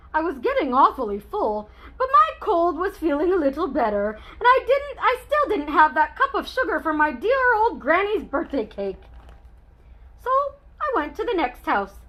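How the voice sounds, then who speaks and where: A woman's voice: very high voice, pushed and bright, heavily acted, rough recording. A woman reading a children's book aloud as a chatty, wry male wolf telling his side of the story.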